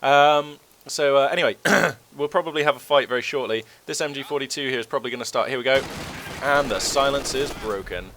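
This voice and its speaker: A man's voice: medium pitch, fairly even intonation, fast, few pauses, fairly bright tone, slight background noise. Man commentating with a cold. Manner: chatty and rambling, many fillers. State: has a cold, voice a bit low. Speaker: game commentator. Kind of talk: casual game commentary. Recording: game gunfire and artillery behind.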